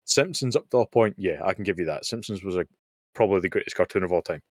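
A man's voice: low voice, lively intonation, fast talker, dry recording. A man in his thirties from the UK, co-hosting a podcast over a remote call, talking bluntly with dry humour and swearing. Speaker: podcast co-host. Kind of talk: casual chat. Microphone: remote call mic.

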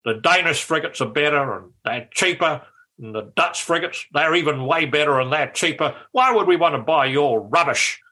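A man putting on a cantankerous old politician, whose voice cuts through any noise. He fires off blunt, mocking retorts, pitched a touch higher and sharper than ordinary talk. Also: lively intonation, moderate pace. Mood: scornful. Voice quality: cutting, loud voice. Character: gruff older male politician, cantankerous, sharp-tongued.

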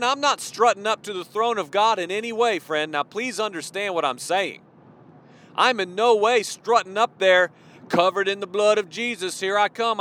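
A man preaching a sermon, swinging between soft pleading and loud, impassioned declaration. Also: high voice.

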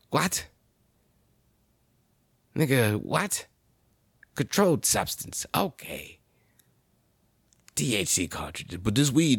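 Profane, low-voiced man ranting. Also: creaky, slightly rough, no echo, clean studio sound. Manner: profane, animated storytelling. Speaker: podcast host. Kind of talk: casual monologue rant.

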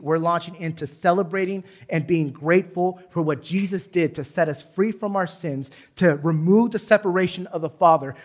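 A man preaching. His voice sits fairly high, and his talk moves between emphatic points and relaxed, chatty storytelling. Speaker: pastor. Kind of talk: sermon. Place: church sanctuary.

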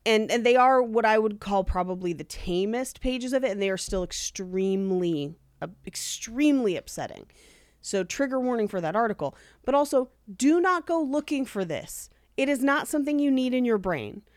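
A woman's voice: a little high, expressive, moderate pace, dry recording, studio quality. A woman co-hosting a podcast in casual chat, earnest and emphatic. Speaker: podcast co-host.

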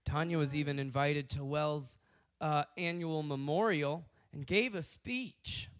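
A man's voice: fairly high pitch, a little slow, clean tone. A man hosting a podcast, recounting a story in casual chat with crude asides. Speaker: podcast host telling a story.

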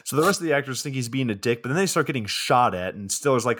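A man's voice: mid-range voice, lively intonation, quick pace, a bit bright, breathy edge. A man in his twenties co-hosting a podcast, casually recapping a film's plot with plenty of swearing and filler words. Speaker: podcast co-host.

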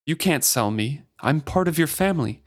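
A grieving, blind male ship's figurehead that has come to life, voiced by a man reading a story. He speaks in a reserved, controlled and demanding way, and his voice sits a little higher than the narrator's usual voice. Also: expressive, normal speed, slightly rough, dry recording, studio quality.

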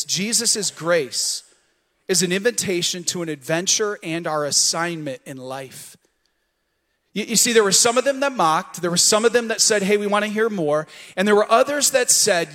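Man, pastor, sermon, high voice, call-and-response, long church reverb. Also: a bit bright. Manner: preaching with call-and-response prompts. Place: church sanctuary.

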